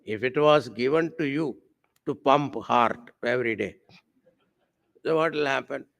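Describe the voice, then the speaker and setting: A man delivers a spiritual discourse at an unhurried, measured pace. His voice carries a gravelly, creaky texture. He sprinkles Sanskrit terms through the talk and keeps drawing the audience in with rhetorical questions. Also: mid-range voice, a bit bright. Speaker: swami giving a spiritual discourse. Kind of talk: devotional sermon with a told story. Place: camp hall with a live audience.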